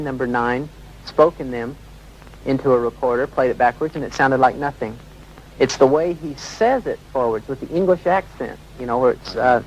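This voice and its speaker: A man's voice: medium pitch, a little hiss or hum, low-quality recording. A man working as a radio DJ, explaining on air and talking listeners through audio clips.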